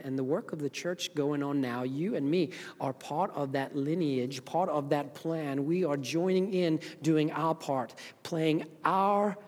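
A middle-aged man with a Zimbabwean accent preaches from the pulpit, his voice sitting a little high for a man. He shifts between loud, fervent preaching and quiet, earnest asides. A long reverb from the church sanctuary trails every phrase. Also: husky. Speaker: pastor. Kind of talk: sermon.

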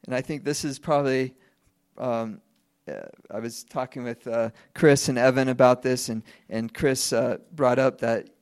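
A man in his thirties preaching a sermon at an ordinary middle pitch. He keeps it conversational, putting rhetorical questions to his listeners and laughing lightly as he goes. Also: fairly even intonation, normal speed, clean tone. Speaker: pastor.

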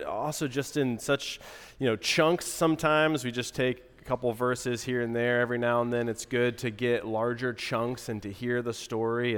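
A male pastor with a stuffy, nasal voice from a cold, preaching in a relaxed, conversational way with asides. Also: mid-range voice, clean tone, long reverb tail. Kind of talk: sermon.

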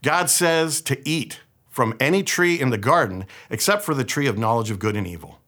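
A young man from the San Francisco Bay Area preaches in a relaxed, conversational way, weaving a personal story into his sermon. His husky voice swings up and down with lively pitch, and he tells the story with plenty of animation. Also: moderate pace. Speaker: pastor.

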